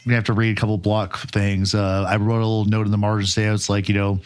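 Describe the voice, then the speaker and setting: A man's voice: lowish voice, level tone, fast talker, smooth. A man co-hosting a podcast, talking casually about a book in a rambling way, with frequent fillers and the odd swear word. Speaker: podcast co-host.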